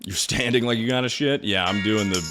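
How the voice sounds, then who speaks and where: A man's voice: fairly low pitch, brisk, fairly bright tone, soft background music. A young man streaming live, chatting casually in a rambling, crude way and laughing often.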